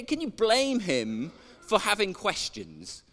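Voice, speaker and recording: A man's voice: medium pitch, lively intonation, a little slow, fairly bright tone. Chatty male preacher in an echoey hall. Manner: chatty, engages the congregation. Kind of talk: sermon.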